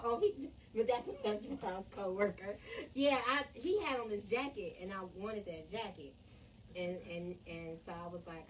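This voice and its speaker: A woman's voice: medium pitch, animated, moderate pace. A middle-aged woman in casual chat, laughing and getting emotional while telling a story about her husband. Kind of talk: casual chat on a live stream. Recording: distant mic with faint background noise.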